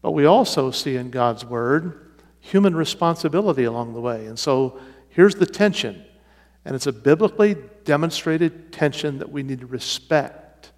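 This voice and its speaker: A man's voice: on the high side, lively intonation, moderate pace, a little mellow. A man leading an evening Bible study, teaching methodically and repeating key phrases for emphasis. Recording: reverberant hall sound.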